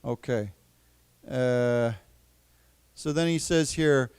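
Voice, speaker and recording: Man teaching English, fairly high voice, smooth tone, explains and repeats words slowly. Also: animated. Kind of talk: classroom lesson. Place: library lecture room.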